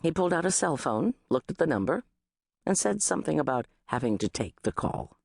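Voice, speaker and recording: A woman reading a first-person novel as an audiobook narrator, expressive and wry. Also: rumbling low, moderate pace, vocal fry, slightly rough, no room sound, studio quality.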